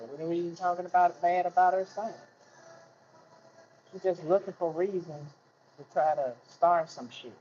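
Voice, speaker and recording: A man's voice: high-pitched, darkish tone, dull audio, slight background noise. Blunt, heated, profane man. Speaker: vlogger telling his life story. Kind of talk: candid monologue rant.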